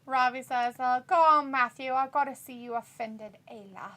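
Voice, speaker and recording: A woman's voice: high voice, steady tone, normal speed, pushed and bright. An American woman co-hosting a wrestling watch-along stream, chatting casually, giggling often and reading viewer comments aloud in playful voices.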